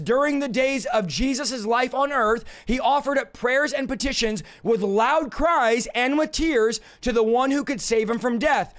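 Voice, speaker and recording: A man preaching a sermon in a loud, impassioned way. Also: extremely high pitch.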